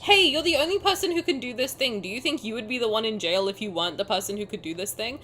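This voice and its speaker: A young woman streamer giving casual, expressive gameplay commentary and swearing and joking as she plays. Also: fairly high pitch, fast talker, a little hiss or hum.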